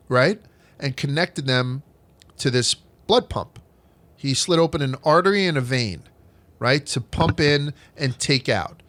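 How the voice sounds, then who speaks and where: A man's voice: fairly high pitch, a bit bright. A man hosting a comedic history podcast, telling old stories with crude jokes and swearing. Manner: profane, joking storyteller reading out history. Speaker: podcast host.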